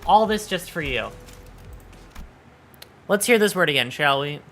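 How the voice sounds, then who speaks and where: A man's voice: a little high, expressive, a little slow, fairly bright tone, a little hiss or hum. A man streaming live, chatting casually and teasing his viewers, with playful swearing. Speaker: VTuber streamer.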